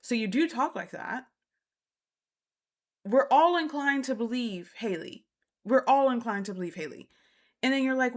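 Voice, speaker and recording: A woman's voice: on the high side, expressive, measured pace, long pauses. A woman hosting a casual reality TV recap, talking bluntly and repeating her points for emphasis. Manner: blunt and exasperated. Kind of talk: casual opinionated commentary.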